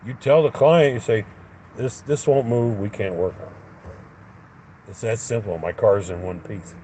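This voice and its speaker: A man's voice: lowish voice, a little slow, warm tone, a little hiss or hum, poor audio. A man angrily telling a story in a profane rant, acting out both sides of an argument. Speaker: livestreamer. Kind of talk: angry ranting story.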